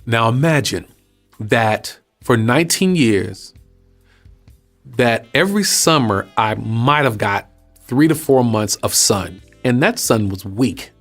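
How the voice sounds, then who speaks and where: A man from Texas talking casually to his audience as host, preaching in a lively, conversational way and asking them questions. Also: medium pitch, slow pace, soft background music. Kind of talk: casual spoken teaching.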